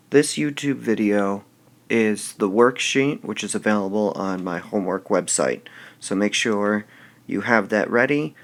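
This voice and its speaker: A man teaching a video lesson at an unhurried, careful pace, stretching out each example word. His low voice has a gravelly edge. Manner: slow, deliberate explaining, drawing out example words.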